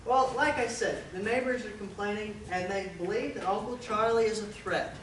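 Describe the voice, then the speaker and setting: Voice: medium pitch, moderate pace, a bit bright, slight background noise, close to an everyday voice. An actor playing a courteous, plain-spoken small-town police officer in an amateur stage play. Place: stage in a hall. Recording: roomy hall from a distance.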